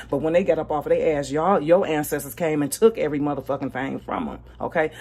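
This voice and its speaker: A woman in her forties giving a blunt, profane livestream commentary rant, emphatic, with loud bursts and low asides. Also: breathy edge. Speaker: livestream host.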